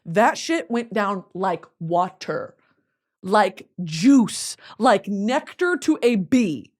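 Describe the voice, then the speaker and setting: A woman's voice: medium pitch, expressive, extremely slow, darkish tone. A young woman with a Southern US accent hosting a casual solo podcast chat, rambling and swearing through flustered outbursts. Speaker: podcast host.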